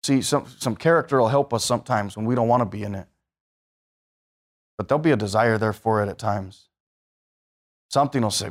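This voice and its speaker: A man's voice: lowish voice, fairly quick, long pauses. A man, sounding, preaching a sermon in a conversational way that rises to emphatic bursts and puts questions to the listeners.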